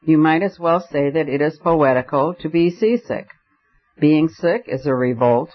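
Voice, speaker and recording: A man's voice: on the high side, unhurried. Brief: fervent, argumentative young poet, read by a man, slightly raised voice, dull lo-fi sound. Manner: fervent and declamatory. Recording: dull lo-fi recording.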